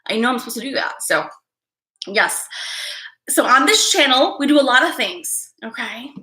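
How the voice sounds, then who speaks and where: A woman's voice: fairly high pitch, expressive, moderate pace, pushed and bright, echoey room, low-quality recording. A woman psychic hosting a live stream, talking casually and emotionally to viewers, rambling with sighs and restarts.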